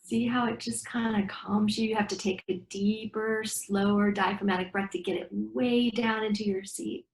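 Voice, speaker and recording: Animated woman breathwork teacher, echoey room. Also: medium pitch, normal speed, hardly any pauses. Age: middle-aged. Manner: animated storyteller acting out dialogue. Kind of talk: guiding breathing exercises in an interview.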